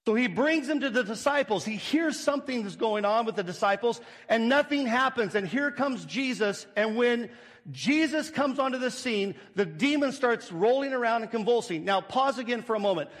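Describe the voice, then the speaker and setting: A man with a high, light voice preaches to his congregation, explaining a scripture passage. He leans on rhetorical questions and acts out little scenes. His words ring out with a long reverb, as in a large hall. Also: expressive, moderate pace. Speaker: pastor. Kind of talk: sermon.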